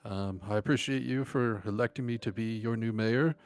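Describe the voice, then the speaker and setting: A man's voice: fairly low pitch, normal speed, clear, resonant tone. A man playing his character in a tabletop game, stammering and hesitant. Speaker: player. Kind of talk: in-character role-play.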